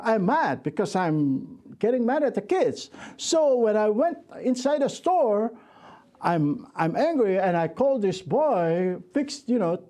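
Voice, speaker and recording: A man's voice: high-pitched, mellow. A middle-aged man giving a conference workshop talk, joking at his own expense, restarting his sentences often. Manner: joking, self-deprecating storyteller with many restarts.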